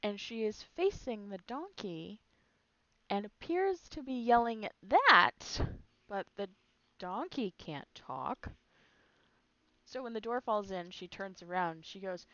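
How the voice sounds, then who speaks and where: A woman's voice: mid-range voice, expressive, takes it slowly, fairly bright tone, no echo, dull audio. A woman narrating as game master of a live-streamed tabletop game, chatty with frequent fillers. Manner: chatty, uses many fillers.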